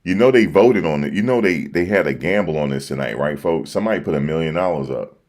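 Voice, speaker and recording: Very deep-voiced East Coast man. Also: quick pace, darkish tone. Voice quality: very deep, slangy and repetitive. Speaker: livestream host reacting to election results. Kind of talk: casual livestream chat. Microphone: desk microphone.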